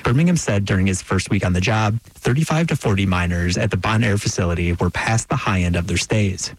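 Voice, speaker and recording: Low, husky-voiced male news reporter. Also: dry recording, low-quality recording. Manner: measured, even report delivery.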